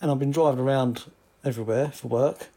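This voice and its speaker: A man's voice: mid-range voice, steady tone, a little fast, warm tone, breathy edge. A man co-hosting a casual podcast, blunt and wry, laughing at his own jokes. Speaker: podcast co-host. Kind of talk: casual chat.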